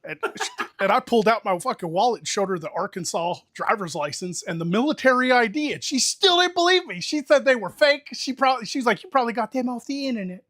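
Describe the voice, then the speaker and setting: A man's voice: high voice, lively intonation, a little fast, hardly any pauses, bright, forceful tone. Laughing Southern man telling stories. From American South. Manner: laughing storyteller, swears freely. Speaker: podcast host. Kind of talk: casual chat.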